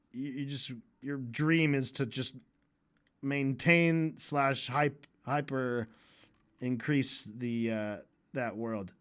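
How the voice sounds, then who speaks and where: A man ranting casually on a livestream, profane and sarcastic, rambling and breaking into shouted impressions. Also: mid-range voice. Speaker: streamer.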